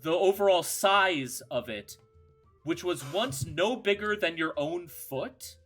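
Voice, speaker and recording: Slow, dramatic male game master. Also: high-pitched, expressive, a bit bright, faint music behind. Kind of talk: narrating a tabletop game.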